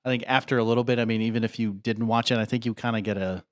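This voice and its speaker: Speaking very fast in a mid-range voice with fairly even intonation, a man co-hosts a podcast with no room sound in the recording. He rambles casually, leaning hard on "I mean" and "like."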